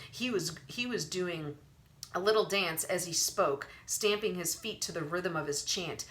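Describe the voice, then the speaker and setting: A woman's voice: lowish voice, unhurried, fairly bright tone. A woman reading a storybook aloud as narrator, telling the story with expression. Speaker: audiobook narrator. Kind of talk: audiobook narration.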